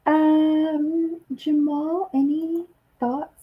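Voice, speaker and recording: A woman hosts a casual livestream recap, unhurried and chatty as she greets viewers by name. Her voice sits a little high, and she takes her time between phrases. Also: little pitch movement, phone-quality sound. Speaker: co-host of a TV recap show. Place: lives abroad in Malta.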